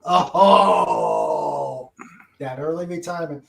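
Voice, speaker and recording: A man with a fairly high voice chats slowly and loosely, chuckling often. His lines trail off into soft mutters as he reads out comments from listeners. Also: vocal fry, rough recording. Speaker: podcast co-host. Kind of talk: casual chat, reading listener comments.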